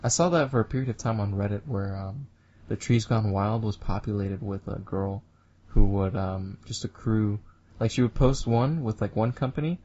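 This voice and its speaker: A woman co-hosting a podcast, chatting casually and rambling, now and then mocking people in squeaky put-on voices. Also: normal speed, warm tone, a little hiss or hum. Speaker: podcast co-host. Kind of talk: casual stoner chat. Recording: dull lo-fi sound.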